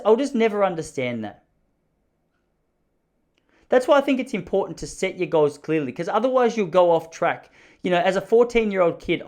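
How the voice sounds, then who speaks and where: Wry rambling Australian man. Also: on the high side. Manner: rambling, wry, riffs with mock dialogue. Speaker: podcast host. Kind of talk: solo casual monologue.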